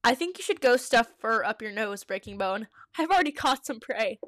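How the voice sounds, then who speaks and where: A woman's voice: on the high side, animated, moderate pace, a bit bright, dry recording, clean studio sound. Woman reading a snappy young tomcat. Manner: hissing, snappy. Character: young defiant male warrior cat.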